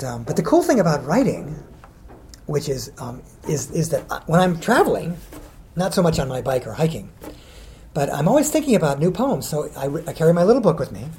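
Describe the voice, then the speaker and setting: A man's voice: on the high side, big pitch swings, moderate pace, mellow, slight background noise. A middle-aged man, a children's poet, answering interview questions casually, rambling and hesitant with many ums.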